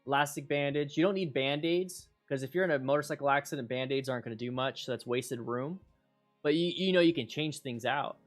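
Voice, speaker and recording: A man hosting a casual livestream chat with viewers, excitable and rambling, repeating himself with bursts of hype. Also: mid-range voice, fairly quick, soft background music. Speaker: motorcycle riding instructor and channel host.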